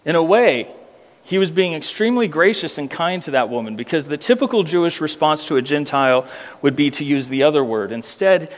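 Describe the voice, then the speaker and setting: A man preaching an expository sermon, emphatic, repeating words for weight and slowing down on key phrases. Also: fairly high pitch, animated. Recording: long reverb of a church hall.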